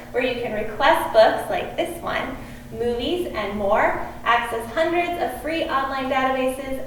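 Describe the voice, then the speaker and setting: A woman's voice: on the high side, a little hiss or hum, natural voice. A woman voicing an anxious, dramatic male elephant in a children's puppet show, speaking earnestly and formally. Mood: cheerful. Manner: earnest, overly formal, frets and sneezes loudly. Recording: echoey room, mic at a distance.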